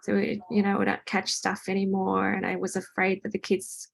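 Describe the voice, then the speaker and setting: A woman's voice: medium pitch, monotone, moderate pace, vocal fry. A woman hosting a casual home chat, talking loosely with lots of ums and restarts. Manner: chatty, many ums and restarts. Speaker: host. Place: home with a party in another room.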